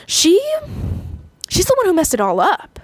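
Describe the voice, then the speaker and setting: Snide young female fairy, pitched up, sneering, done by a woman recapping. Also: huge pitch swings, moderate pace, dry recording, full character voice. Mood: scornful.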